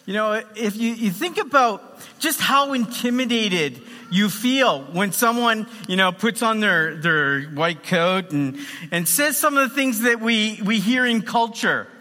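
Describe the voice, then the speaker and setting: A man's voice: sits high, lively intonation, measured pace, bright, forceful tone. A man preaching a sermon in a loose, conversational way with many fillers. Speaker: pastor. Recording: long hall reverb.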